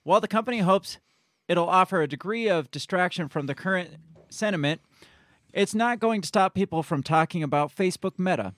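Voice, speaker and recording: A man's voice: sits high, a little fast, fairly bright tone, no echo. A man co-hosting a casual talk stream, reading news aloud and adding his own blunt comments, often laughing and swearing. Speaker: co-host of a live-streamed talk show.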